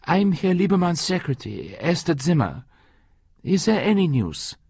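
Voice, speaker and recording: A man's voice: a little high, big pitch swings, normal speed, creaky, darkish tone, breathy edge, no room sound, dull audio, voice pushed up, heavily acted. A man voicing a worried woman secretary who asks anxious questions, in an audiobook.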